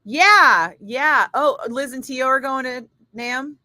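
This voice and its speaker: On a livestream from her home studio, a middle-aged radio DJ casually addresses viewers, swearing freely, staying blunt, and dropping quick asides to the chat. Her high-pitched voice is bright and forceful, recorded with a studio microphone at studio quality and without echo.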